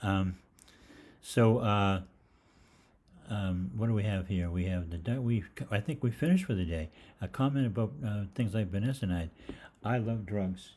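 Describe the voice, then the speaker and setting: A man's voice: on the low side, normal speed, a little mellow. An older man hosting a live health Q&A, telling rambling, jokey anecdotes with casual swearing.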